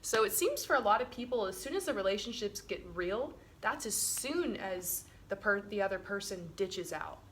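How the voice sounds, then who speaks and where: A woman's voice: mid-range voice, sing-song, normal speed, hardly any pauses, a bit bright, a little hiss or hum. A woman co-hosting a relationship webinar, talking casually with her partner, laughing often and filling her talk with "like" and "um". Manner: chatty, laughs often, many "like" and "um" fillers.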